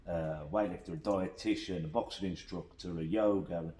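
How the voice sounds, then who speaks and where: A man's voice: low voice, fairly even intonation, normal speed, dark tone. A male podcast host with a Black Country accent, making earnest points in casual chat. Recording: roomy echo.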